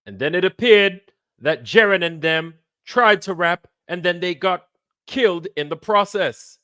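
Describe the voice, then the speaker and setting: A man's voice: high voice, lively intonation, a little slow, sharp tone, smooth, no echo, studio quality, pitched above the performer's own voice, exaggerated voice. A man doing a mock British accent, voicing a pompous male TV news reporter with a formal newsreader delivery. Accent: put-on British.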